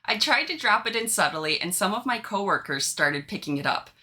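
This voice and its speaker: A woman co-hosting a casual podcast, reading online posts aloud and chatting with an animated, giggly manner. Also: medium pitch, brisk. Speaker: podcast co-host reading stories.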